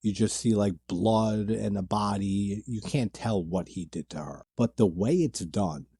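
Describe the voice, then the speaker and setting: Male horror commentator, laid-back and eager; dark, husky, dry-miked voice. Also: on the low side, measured pace, dry recording. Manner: enthusiastic, laughs, loose filler-heavy retelling. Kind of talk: casual movie commentary.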